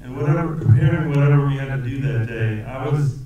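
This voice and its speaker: A man answering audience questions as a film actor at a cinema Q&A, talking in a rambling, lively way and laughing often. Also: medium pitch, fairly quick, muffled recording, a crowd in the background. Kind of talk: conversational Q&A answers. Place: cinema auditorium. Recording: echoey theater from a distance with audience.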